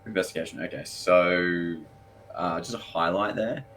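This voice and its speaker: Deep-voiced earnest tabletop player. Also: male voice, normal speed, fairly bright tone, slight background noise. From Australia. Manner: earnest, hesitant with fillers. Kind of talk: tabletop role-play, in and out of character.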